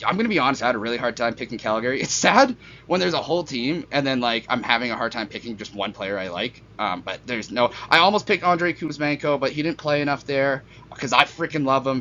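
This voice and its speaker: A man's voice: medium pitch, sharp tone, lo-fi sound, a little hiss or hum. A young man rambling through casual hockey commentary at home, self-deprecating and jokey, with a fan humming behind him. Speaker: hockey vlogger. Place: hot room at home with a fan running.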